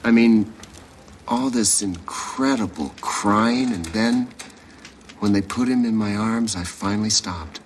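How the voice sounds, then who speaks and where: A man's voice: lowish voice, takes it slowly, background noise. An actor playing a wry, dry-witted father in a studio sitcom, delivering teasing wisecracks. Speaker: sitcom lead.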